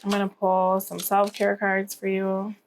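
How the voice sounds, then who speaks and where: A woman's voice: medium pitch, completely flat delivery, a little slow, a little hiss or hum. A tired, yawning woman giving a rambling tarot reading to camera, often asking "okay?". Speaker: tarot reader.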